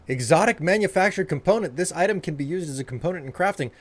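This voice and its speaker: A man's voice: a little high, expressive, fast, hardly any pauses, slight background noise. Sarcastic man streaming a game. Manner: sarcastic, joking, self-mocking. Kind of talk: casual gameplay commentary.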